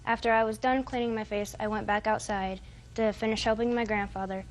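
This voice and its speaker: A woman's voice: mid-range voice, steady tone, brisk, a little hiss or hum. A woman in her twenties giving testimony as a defendant in court, rambling and hesitant, quoting what others said. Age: 20s.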